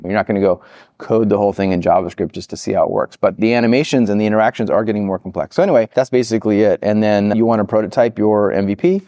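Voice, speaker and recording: Guy rattling off product advice super fast, kinda dark mellow voice. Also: fairly low pitch, dry recording, clean studio sound. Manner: animated, acts out quoted reactions. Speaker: product management guest. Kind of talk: interview answers.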